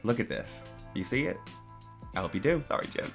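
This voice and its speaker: A man's voice: medium pitch, very animated, a little fast, creaky, faint music behind. A young man giving casual, playful commentary on photos, gushing with jokey asides. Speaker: YouTube commentary host.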